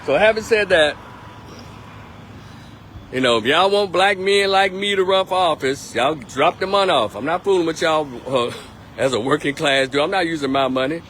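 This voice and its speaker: A man's voice: on the high side, a little fast, fairly bright tone, a little hiss or hum. A man giving a blunt, emphatic political monologue on a live stream, repeating his points.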